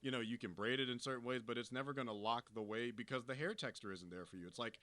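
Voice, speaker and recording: A man's voice: mid-range voice, fast, a bit bright. A man with a mid-range voice talks bluntly about a film, swearing freely. He slips into quoted voices to make his points and laughs along the way. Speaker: co-host film reviewer. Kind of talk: casual film discussion.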